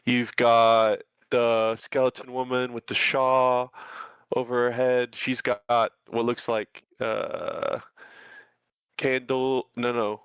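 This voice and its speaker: A man's voice: medium pitch, level tone, slow pace, a bit bright, clean tone, no room sound. A man running a tabletop game as game master, describing scenes loosely with many fillers. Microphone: streaming mic, close and dry.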